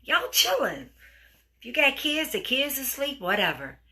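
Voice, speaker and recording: Brief: woman podcast host, lively swooping delivery, bright tone, acts out voices. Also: high-pitched, a little slow, husky. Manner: animated, acts out dialogue with sound effects. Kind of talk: storytelling relationship advice.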